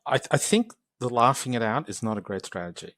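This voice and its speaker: A man in his forties, a podcast guest, telling personal stories in a lively way and acting out the remarks of others. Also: mid-range voice, fast. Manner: animated storytelling, acts out quoted exchanges. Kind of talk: podcast interview.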